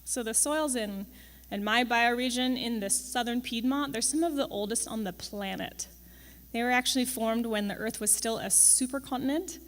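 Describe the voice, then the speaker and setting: Higher-voiced woman presenting in a reverberant hall. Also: moderate pace. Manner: chatty and wry, with frequent ums and tag questions. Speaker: campus farm manager giving a presentation. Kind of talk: conversational presentation to an audience. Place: large event hall. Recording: long reverb of a large event hall.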